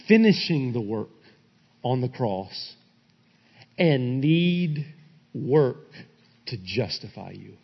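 Man, pastor preaching, slightly high voice, animated swings from loud to hushed, echoing church hall. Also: breathy edge. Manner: animated preaching, swinging from loud emphatic peaks to quiet asides. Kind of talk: sermon. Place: church sanctuary. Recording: dull recording in a reverberant church hall.

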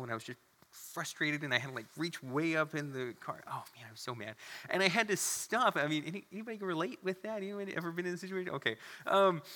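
A man's voice: fairly high pitch, pushed and bright. A man preaching a sermon as pastor, earnest and conversational, with asides to the congregation. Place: church sanctuary. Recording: long hall reverb.

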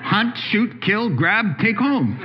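A middle-aged male pastor preaching with a joking, storytelling manner, his voice leaping upward when he gets going. His voice sits a little high for a man. The recording is dull and carries a faint hiss. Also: slow. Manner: animated, joking storyteller who rises sharply in pitch. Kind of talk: sermon.

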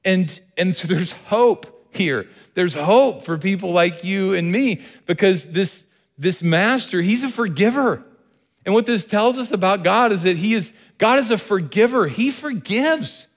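A man's voice: high-pitched, animated, measured pace, big-room sound. A man preaching a sermon as pastor, earnest and repeating key phrases for emphasis.

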